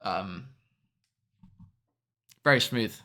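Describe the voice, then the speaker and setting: Bright-voiced young male streamer. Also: fairly low pitch. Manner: chatty, quick asides to chat. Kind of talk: live stream commentary.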